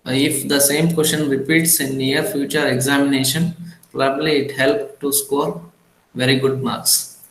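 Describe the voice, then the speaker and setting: A man from India giving a recorded revision lecture, talking haltingly with many fillers and restarts. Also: medium pitch, level tone, a bit bright, reverberant, rough recording.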